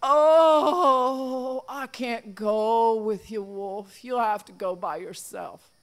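A woman's voice: fairly high pitch, extremely slow. Woman doing a sly scheming trickster rabbit. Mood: feigning sickness.

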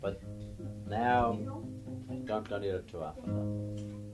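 A man's voice: lowish voice, takes it slowly, over music. A man from Ireland, a musician, telling jokes and laughing through his punchlines in casual talk.

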